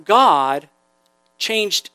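A man's voice: high-pitched, extremely slow, clean tone, dry recording. A man preaching a casual, joking sermon to a youth group, reading scripture aloud between asides. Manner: conversational, joking, animated preaching.

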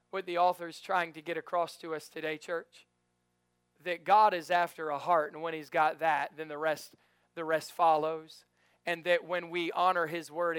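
A man preaching a sermon in a church, rousing the congregation to call and response. He rises to loud emphatic peaks and drops to quiet storytelling. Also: fairly high pitch, clear, resonant tone, dry recording, clean studio sound. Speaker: pastor.

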